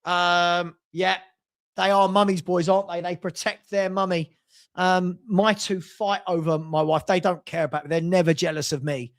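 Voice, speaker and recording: High-voiced chatty London man. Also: little pitch movement, normal speed. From South London. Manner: chatty, reads out chat messages and scores. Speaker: live stream host. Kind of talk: casual live-stream chat.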